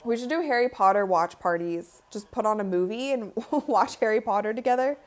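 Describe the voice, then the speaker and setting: A woman's voice: medium pitch, animated, a little fast. A woman hosting a live-streamed basketball watch party, chatting casually and giggling as she comments and talks to her viewers.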